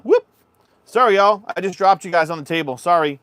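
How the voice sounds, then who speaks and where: A man's voice: high-pitched, brisk, no echo. Chatty man hosting a livestream. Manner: relaxed, chatty, addresses viewers as y'all. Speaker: livestream host. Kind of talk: casual livestream chat.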